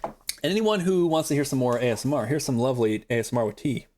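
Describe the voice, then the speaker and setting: A man's voice: medium pitch, expressive, fast talker, a little mellow, a little hiss or hum. A young man chatting rambly to his viewers while playing a game live, talking into a desk mic. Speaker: streamer. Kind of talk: live gameplay commentary.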